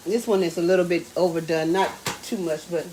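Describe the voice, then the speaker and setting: A woman, chatting excitedly to viewers while cooking in her home kitchen. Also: on the low side, brisk, background noise. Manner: excitable, exclaims with food, talks to viewers as y'all and baby. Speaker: home cook hosting a live cooking stream. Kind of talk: casual live cooking chat.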